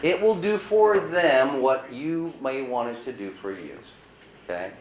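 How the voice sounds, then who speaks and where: Animated man presenting in a roomy hall. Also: mid-range voice, measured pace, a little hiss or hum. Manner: animated storyteller acting out dialogue; asks the audience rhetorical questions. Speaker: conference speaker. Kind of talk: conference presentation to a live audience. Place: conference room.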